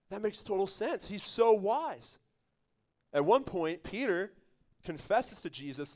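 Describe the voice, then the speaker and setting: High-voiced man preaching with emphatic energy. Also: expressive, moderate pace. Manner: emphatic, conversational preaching with laughs and asides. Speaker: pastor. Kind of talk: sermon.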